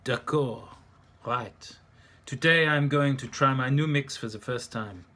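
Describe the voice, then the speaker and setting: A man's voice: mid-range voice, unhurried, pushed and bright. A man voicing a fussy, self-pitying young French winemaker in an audiobook. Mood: brisk. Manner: melodramatic, fussy.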